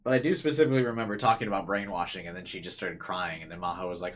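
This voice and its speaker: A man's voice: low voice, fairly even intonation, very fast. A man giving casual game commentary, musing aloud with laughs and swearing. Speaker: let's-play host.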